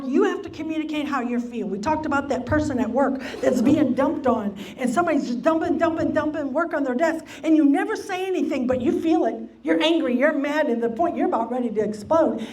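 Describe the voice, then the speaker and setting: A woman's voice: high-pitched, a little mellow. A woman teaching a church lesson on relationships, emphatic, repeating key phrases and acting out what people might say. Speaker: church Bible study teacher. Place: church meeting room.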